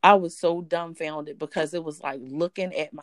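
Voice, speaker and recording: A woman guest telling a personal story in an animated way, acting out the voices of others. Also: sits low, moderate pace, no room sound, clean studio sound. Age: adult. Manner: animated, acts out voices in quotes. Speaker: interview guest.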